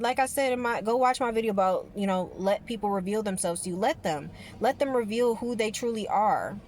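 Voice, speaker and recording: A woman's voice: a little high, a little hiss or hum. A woman vlogger talking casually to her viewers about spirituality, rambling and emphatic, with the odd swear word.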